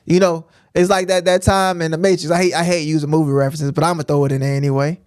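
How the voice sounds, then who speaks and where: A man's voice: on the high side, little pitch movement, fast talker, darkish tone, clean tone, no echo, studio quality, soft background music. A man preaching informally on a livestream, emphatic and repetitive, often checking in with "right?". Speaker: streamer teaching scripture.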